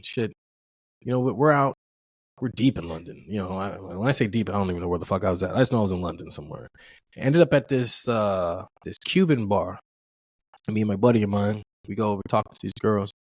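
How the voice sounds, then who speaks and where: A man's voice: fairly low pitch, fast talker, no echo. A man from the United States casually telling travel stories on a podcast, rambling and profane, often laughing and acting out his reactions. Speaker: podcast co-host. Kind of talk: casual storytelling chat.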